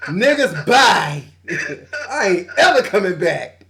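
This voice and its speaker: A man's voice: high-pitched, big pitch swings, slow, creaky, background noise, heavily acted. A man putting on a brash male pop star who gleefully burns his bridges, profane and laughing. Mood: defiant glee.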